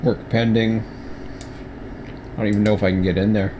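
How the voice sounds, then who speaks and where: Rambling low-voiced man, humming room. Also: flat delivery, moderate pace, background noise. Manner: rambling, many restarts and fillers. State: talking with mouth full. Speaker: streamer. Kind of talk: casual livestream chat.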